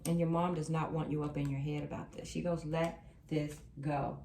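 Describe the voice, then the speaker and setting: A woman's voice: sits low, little pitch movement, moderate pace, mellow, a little hiss or hum. A woman doing a tarot reading for viewers, reassuring and emphatic, repeating her key lines. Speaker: tarot reader. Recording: roomy sound from a distant mic.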